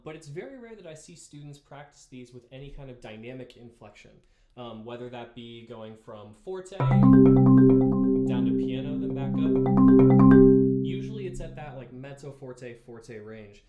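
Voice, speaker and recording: A young man teaching marimba, talking through exercises in a relaxed way and counting beats aloud. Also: medium pitch. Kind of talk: instructional music lesson. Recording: roomy practice space with marimba. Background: marimba playing.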